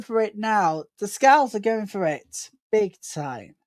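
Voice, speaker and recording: A woman hosting a live football watchalong, giving chatty play-by-play and building excitement whenever an attack comes. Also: medium pitch, takes it slowly, no echo. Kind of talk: live match commentary.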